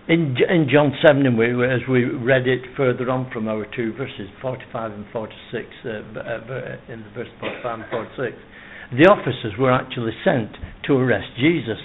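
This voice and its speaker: Earnest preacher on a tinny line. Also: male voice, mid-range voice, normal speed. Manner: earnest, emphatic, quotes scripture at length. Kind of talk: sermon. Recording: tinny phone-like sound with faint noise.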